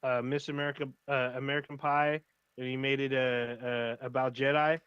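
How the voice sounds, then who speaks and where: A man's voice: mid-range voice, level tone, normal speed, fairly bright tone, smooth, no room sound, muffled recording. A man co-hosting a casual livestream chat, rambling and enthusiastic, swearing freely. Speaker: podcast co-host.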